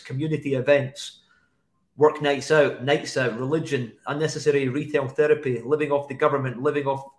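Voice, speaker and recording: Male podcast guest, blunt matter-of-fact delivery with occasional swearing, mid-range pitch. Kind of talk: casual podcast conversation.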